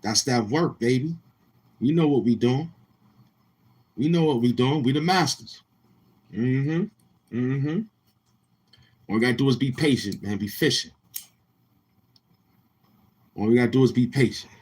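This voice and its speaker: Husky, drawling livestream host, a man. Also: medium pitch, a little mellow, low-quality recording. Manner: slow, drawling, mocking, with drawn-out hums. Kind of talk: trash-talking live stream commentary.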